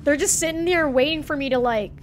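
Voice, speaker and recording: High-voiced flustered woman streaming a game. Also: quick pace, a little hiss or hum. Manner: swearing, flustered and jumpy. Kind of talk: live gameplay commentary.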